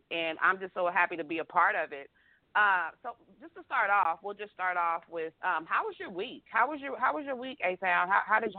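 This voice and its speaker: A woman's voice: fairly low pitch, no echo. A woman hosting a radio talk show, chatting casually and often repeating her words. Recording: phone-like narrow sound.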